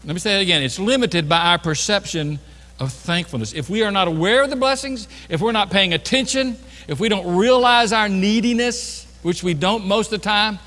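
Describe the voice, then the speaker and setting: A man's voice: sits high, a little fast, hardly any pauses, pushed and bright. A middle-aged man, a pastor telling a self-mocking story in a sermon, chatty and full of restarts. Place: church sanctuary. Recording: reverberant church hall.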